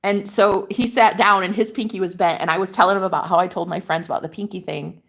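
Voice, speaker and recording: A woman's voice: medium pitch, steady tone, fast, gravelly, fairly bright tone. A woman who works as a manifestation coach, talking in a casual vlog monologue, emphatic and full of swearing, rambling from one point to the next.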